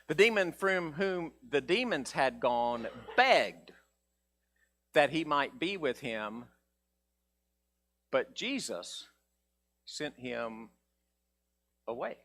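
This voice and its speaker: A man's voice: on the high side, extremely slow, long pauses. A male pastor preaching a folksy sermon, acting out the characters' voices. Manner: folksy, animated, acts out voices of Bible characters.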